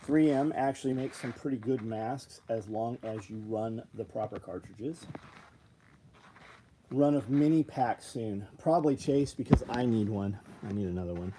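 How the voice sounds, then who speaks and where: A man with a voice on the low side hosts a casual livestream selling tactical gear, with background noise audible. He's profane and blunt, swinging between rambling and angry rants.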